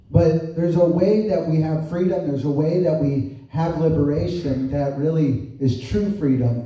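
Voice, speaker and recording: A pastor with a slightly high, warm voice preaches conversationally, asking rhetorical questions and often tacking on "right?" The room sound is echoey and distant.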